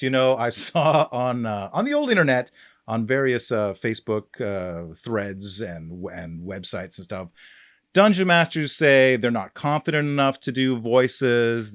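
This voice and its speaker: A man, a voice actor, explaining voice tips in a lively, casual chat recorded in a garage. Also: mid-range voice, no room sound, studio quality. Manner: animated, many fillers and restarts, demonstrates voices. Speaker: voice actor guest.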